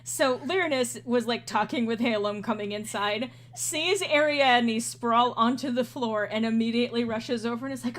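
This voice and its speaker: A woman narrating as game master in a tabletop role-playing session, chatty and animated, often laughing. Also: on the high side, moderate pace, hardly any pauses.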